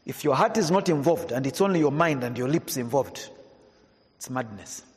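A male pastor preaches a sermon in a church. He swings between hushed, low passages and raised, emphatic preaching. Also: animated, normal speed. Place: church hall. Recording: long hall reverb.

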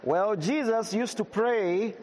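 A woman delivers a sermon in short phrases, stretching out each scripture line with weight and deliberation. She speaks at an unhurried pace, and her voice carries a long reverberation, as in a big hall. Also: medium pitch, very noisy. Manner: slow, emphatic scripture reading with pauses for translation. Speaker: visiting preacher. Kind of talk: sermon with interpreter.

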